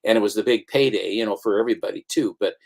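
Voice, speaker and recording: A man's voice: fairly low pitch, very fast, a little mellow. A man hosting a casual chat about comics, rambling through stories with many restarts and asides. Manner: rambling storyteller, restarts, slips into comic voices. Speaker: comic shop owner and channel host.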